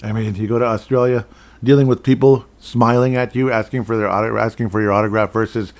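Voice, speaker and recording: A man's voice: on the low side, steady tone, quick pace. A man hosting a casual sports podcast, rambling and jokey, chuckling often as he talks. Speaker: podcast host.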